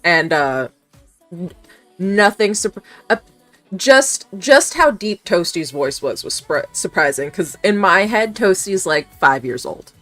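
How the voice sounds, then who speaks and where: A woman's voice: fairly low pitch, expressive, measured pace, fairly bright tone, no room sound, soft background music. A young woman streamer chatting casually with her chat, rambling, giggling often and swearing offhand.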